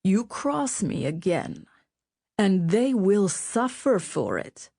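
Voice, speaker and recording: A woman voicing a cruel male spymaster who snarls low threats at a boy. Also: big pitch swings, normal speed. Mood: menacing.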